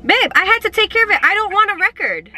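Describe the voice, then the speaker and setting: A woman's voice: very high voice, lively intonation, fast, sharp tone. A young woman in a parked car, pranking her partner on a phone call for her vlog in a dramatic, teasing way.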